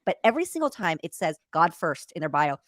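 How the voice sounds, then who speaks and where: A woman's voice: on the low side, very animated, rapid-fire, no echo. A woman hosting a podcast, talking in a frank and emphatic way in casual chat. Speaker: podcast host.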